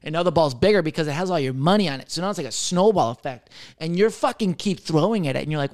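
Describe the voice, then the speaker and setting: A man in his thirties, a comedian hosting a podcast, rambling casually with lots of swearing and jokes, swinging from loud to mumbled. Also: a little high, expressive, quick pace, few pauses. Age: 30s. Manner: profane, jokey, rambling, jumping between loud and mumbled.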